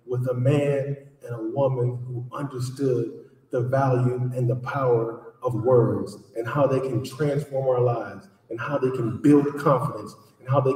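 Man, author at a live event, lively storyteller, mellow tone, heard from far off in a big reverberant hall. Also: mid-range voice. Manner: animated storyteller, acts out dialogue. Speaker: author speaking at a book event. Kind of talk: storytelling talk to a live audience. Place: large echoey hall. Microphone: distant from the recording mic. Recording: echoey hall recorded from far off.

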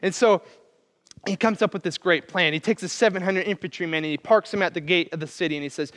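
A male pastor preaching a sermon, telling a story with animated energy and briefly acting out the people he quotes. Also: sits high, fast talker, in a large hall. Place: church.

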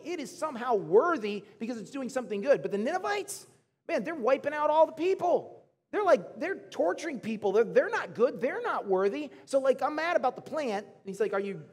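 A man's voice: high voice, in a large hall. A man in his thirties preaching a casual, conversational sermon to his congregation, often acting out the voices of the people in his story. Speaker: pastor.

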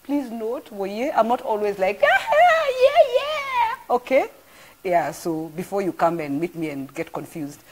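A middle-aged woman, preaching an informal live-streamed sermon as an animated storyteller full of exclamations. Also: on the low side, normal speed, few pauses, very noisy. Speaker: church apostle.

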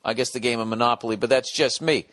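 A man's voice: medium pitch, fairly even intonation, fast, fairly bright tone. Profane, rambling male podcast host. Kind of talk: comedic solo podcast rant.

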